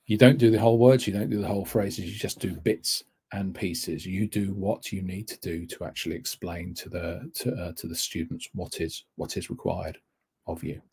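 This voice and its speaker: A man's voice: sits low, fairly even intonation, normal speed, darkish tone, husky. A man giving a teaching webinar, rambling and correcting himself often as he explains. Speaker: TEFL course tutor. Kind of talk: webinar lecture.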